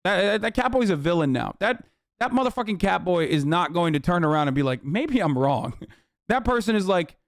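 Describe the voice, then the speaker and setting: A young adult man rants at his chat with profane heat, his voice sitting a bit high for a man. His tone is smooth and clear, and the recording is close and dry with no room sound. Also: animated, a little fast, no room sound. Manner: profane, heated ranting at chat. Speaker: streamer. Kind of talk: casual reaction stream commentary.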